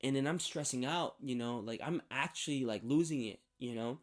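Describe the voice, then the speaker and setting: A man's voice: mid-range voice, moderate pace. Hesitant young man telling a personal story. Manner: rambling, hesitant, many restarts and fillers. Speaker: vlogger sharing a faith testimony.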